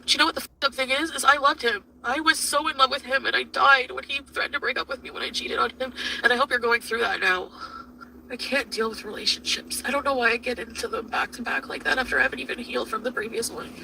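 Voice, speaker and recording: A woman's voice: a little high, quick pace, vocal fry, sharp tone. A woman venting angrily on a livestream, swearing heavily as she rants at length. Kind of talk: emotional livestream rant. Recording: distant mic with faint noise.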